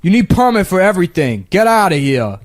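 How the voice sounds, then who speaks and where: A man putting on the voice of a gruff old gun shop owner with a mobster-style accent, speaking broken English and making mock tough-guy threats. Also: sits high, sing-song, fairly quick, voice pushed up. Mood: menacing.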